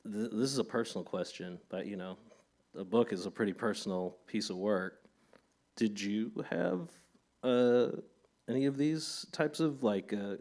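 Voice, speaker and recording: A man's voice: medium pitch, a little mellow. A man hosting a casual interview, talking loosely with laughter and casual swearing. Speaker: podcast host.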